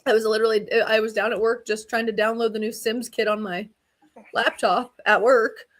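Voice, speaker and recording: A woman's voice: on the high side, moderate pace. Young woman on a podcast, chatty, tells stories and does the voices. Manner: animated storyteller, acts out quotes. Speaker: podcast co-host. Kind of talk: casual chat.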